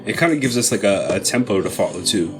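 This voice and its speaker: A man's voice: fairly low pitch, animated, quick pace, over music. A man co-hosting a podcast in casual chat, rambling through tongue-in-cheek claims with lots of fillers. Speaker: podcast co-host.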